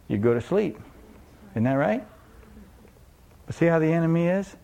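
A man preaching in a loose, conversational way, stopping often to ask his listeners rhetorical questions. His voice sits a little high and has a gravelly rasp. He acts out small scenes as he goes. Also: expressive, moderate pace, long pauses, warm tone. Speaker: pastor. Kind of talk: sermon.

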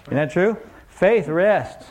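A man's voice: sits high, animated, slow pace, darkish tone. A man preaching a sermon as pastor, in a conversational way, asking the congregation rhetorical questions and acting out little scenes.

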